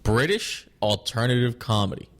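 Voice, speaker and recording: A male podcast co-host chatting casually, rambling from point to point with a lot of swearing and quick laughs. His voice is mid-pitched and unremarkable. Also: lively intonation. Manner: rambling and profane, with frequent restarts and laughter. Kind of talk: casual chat.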